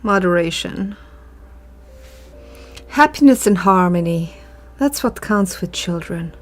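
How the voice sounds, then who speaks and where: A woman talks to her viewers while drawing, in a low voice and at an unhurried pace. She muses and airs opinions in a casual way. Faint music plays behind her. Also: lively intonation. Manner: musing, opinionated, sighs and laughs often. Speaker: art vlogger. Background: faint background music.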